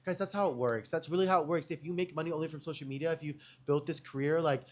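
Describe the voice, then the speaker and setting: A young man hosts a casual podcast and races through gossip stories, slangy and chatty, talking straight to his viewers. His voice sits a little high for a man, and he rarely slows down. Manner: slangy, chatty, addresses viewers as guys and chat. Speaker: podcast host.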